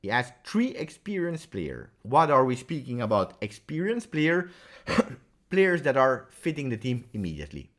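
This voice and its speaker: A man hosting a livestream Q&A, chatty and animated, talking straight to his viewers. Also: medium pitch, a little slow. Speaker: football fan channel host. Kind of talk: livestream Q&A chat.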